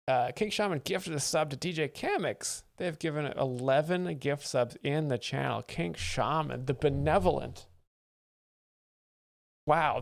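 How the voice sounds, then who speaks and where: A man with a gravelly, low-key voice, recorded dry and close with no room sound. He talks over comedy clips in a deadpan, sarcastic way. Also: dry recording. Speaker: host explaining comedy clips on a livestream. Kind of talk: dry livestream commentary.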